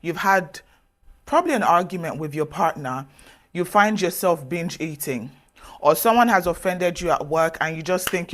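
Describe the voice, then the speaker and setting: A woman speaking straight to the listener as a self-development speaker, giving earnest, direct advice in a measured way with emphatic pauses. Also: on the low side, lively intonation. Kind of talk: motivational advice talk to camera.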